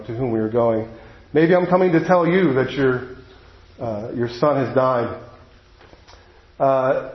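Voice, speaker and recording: A man preaching a sermon, telling a personal story in an earnest way and slowing down on the heavy moments. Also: fairly high pitch. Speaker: pastor. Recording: echoey hall, dull lo-fi sound.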